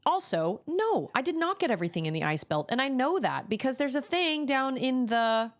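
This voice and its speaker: Young woman gaming on stream, bouncy lively voice, kinda high, chatty and animated. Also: moderate pace. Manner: chatty, animated, jumps into silly voices and laughs. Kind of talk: casual gameplay stream chat.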